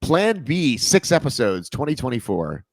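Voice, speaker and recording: A man from Boston hosting a podcast, chatting in an excitable, self-mocking way with casual swearing. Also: mid-range voice, normal speed, dry recording. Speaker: podcast host. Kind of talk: casual chat.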